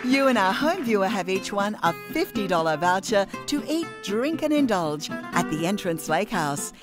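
A woman's voice: medium pitch, big pitch swings, moderate pace, over music. A woman reading a scripted prize announcement in an upbeat, promotional manner.

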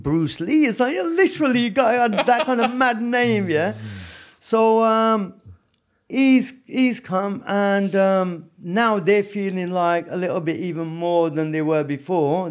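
A man with a high voice tells his story as a podcast guest. He talks in an animated, casual way and keeps checking in with his listener. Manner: animated, peppered with "you know what I mean". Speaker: podcast guest, former prisoner.

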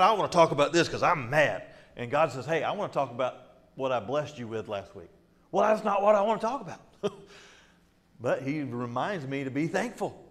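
Man, pastor, middle-aged, slightly high voice, lively, chuckling, casual Bible teaching. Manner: animated, laughing often, acting out quotes.

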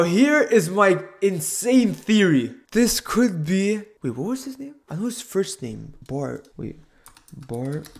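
A man's voice: fairly high pitch, darkish tone. A young man giving a casual, rambling manga chapter review on camera, often interrupting himself and drifting off topic.

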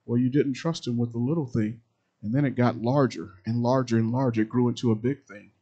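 A middle-aged man, a pastor, preaching a sermon that repeats its phrases and swings between loud and quiet passages. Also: medium pitch, steady tone, brisk, lo-fi sound.

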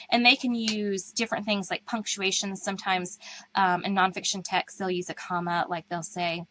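A woman's voice: medium pitch, little pitch movement, moderate pace, pushed and bright, low-quality recording. Woman, reading teacher, live online talk, chatty, conversational, ums and likes.

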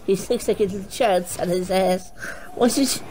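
A woman giving foul-mouthed, excitable gameplay commentary, swearing and shouting at the characters on screen. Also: mid-range voice, normal speed, a crowd in the background. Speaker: gaming channel host. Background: game music.

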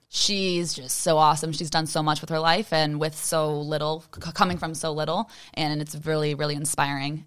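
A woman's voice: low-pitched, bright, forceful tone, smooth. A young woman, a guest on a casual podcast, modest and laughing easily. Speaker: guest footballer. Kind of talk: casual chat.

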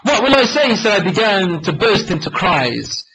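A man's voice: high voice, very animated, normal speed, fairly bright tone, a little hiss or hum, low-quality recording. A male preacher telling a dramatic story in a sermon, emotional and acting out the voices. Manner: emotional, dramatic retelling with acted quotes.

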